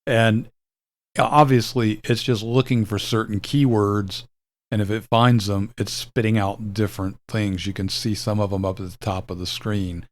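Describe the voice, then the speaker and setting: Low-voiced older man explaining casually. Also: normal speed. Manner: relaxed, rambling, with fillers and self-corrections. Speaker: video host demonstrating retro software.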